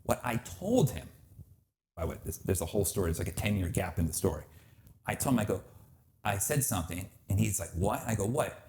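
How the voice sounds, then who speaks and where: Animated man telling stories on a podcast. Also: lowish voice, brisk, slight background noise. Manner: animated storyteller acting out quotes, swears freely. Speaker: podcast host. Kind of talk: casual chat, storytelling.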